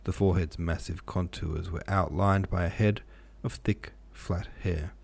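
A man narrating a classic novel aloud in a measured reading voice. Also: sits low, steady tone, vocal fry, darkish tone. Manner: measured, occasionally self-correcting. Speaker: audiobook narrator.

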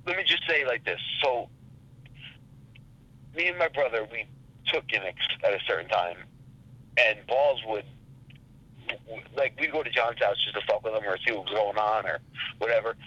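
A man telling a rambling story in a casual, profane and animated way. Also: on the low side, moderate pace, long pauses, muffled recording. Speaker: podcast guest.

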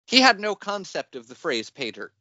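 Guy on a podcast, bright voice, laughs a lot, dull lo-fi call sound. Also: high voice, normal speed, no echo. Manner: animated, laughs often. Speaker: podcast co-host. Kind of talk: casual chat, storytelling. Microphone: remote call mic.

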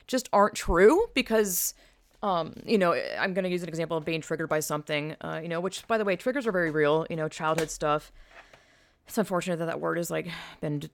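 Woman, lower voice, smooth and clear, dry close sound; blunt, sweary, rambling solo talk. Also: no echo. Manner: frank, sweary, sarcastic, trails off mid-sentence. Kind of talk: casual rambling monologue.

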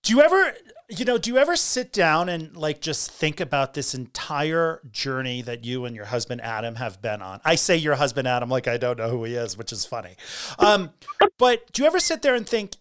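A man hosting a casual interview, emotional and quick to laugh, repeating himself as he asks questions. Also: mid-range voice, very animated, a bit bright, clear, resonant tone. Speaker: podcast host.

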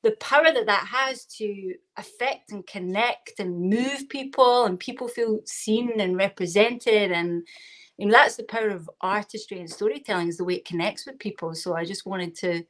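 A woman's voice: medium pitch, normal speed, fairly bright tone. A woman with a Glaswegian Scottish accent, a guest actress and voice coach speaking eloquently over a video call, laughing often. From Scotland. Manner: eloquent, laughs often, frequent "like" and "you know". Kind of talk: casual video chat interview.

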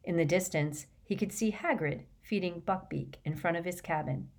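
A woman narrating an audiobook in measured, even scripted narration. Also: on the low side.

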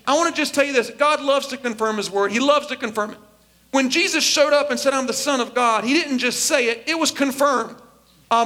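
A man preaching to a congregation with a strikingly high, ringing voice. He is animated and playful, slipping into comic voices for the Bible characters in his sermon. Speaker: pastor.

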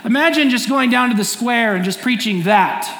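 A man's voice: extremely high pitch, normal speed, a bit bright. A middle-aged man preaching a sermon in a conversational, storytelling way, acting out scenes. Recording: echoey room, faint ambience.

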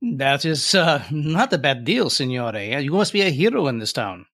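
A man's voice: on the high side, sing-song, moderate pace, fairly bright tone, dry recording, clean studio sound. A man playing a tabletop game in character, speaking formally and courteously. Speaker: player. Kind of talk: in-character tabletop role-play.

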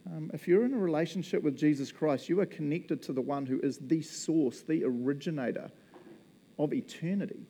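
A man's voice: on the high side, normal speed, dark tone. A man with a New Zealand accent preaching a casual, conversational sermon, chatty and joking as he talks. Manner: chatty, joking, often laughing.

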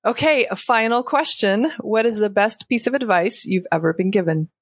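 A woman's voice: medium pitch, moderate pace, husky, no echo. A woman co-hosting an interview, asking questions in an upbeat way. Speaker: co-host. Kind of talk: casual interview chat.

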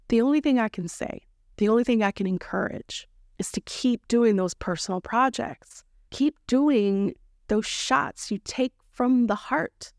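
A woman's voice: on the high side, expressive, unhurried, no room sound, studio quality. A woman hosting a solo podcast, talking straight to her listeners in a playful, upbeat, coaching way and enjoying corny jokes. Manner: coaching, encouraging listeners directly. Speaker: podcast host. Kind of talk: solo motivational podcast monologue.

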